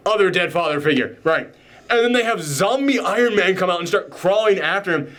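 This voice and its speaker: A man casually recapping a film scene by scene, rambling with enthusiasm and acting out bits in quick voices. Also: sits high, animated, fairly bright tone. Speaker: podcast host. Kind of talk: casual movie reaction chat.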